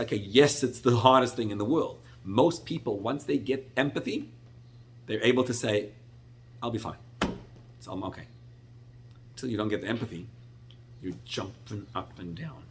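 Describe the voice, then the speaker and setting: Leading a Torah class, a middle-aged rabbi tells stories with lively expression, his pitch leaping suddenly. A little hiss or hum is audible.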